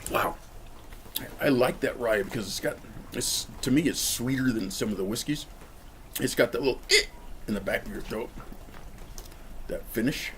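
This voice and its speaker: A man's voice: medium pitch, slight background noise. A man casually talking through a cigar review outdoors in the cold, chatty and joking straight to the viewer. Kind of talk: casual rambling vlog review.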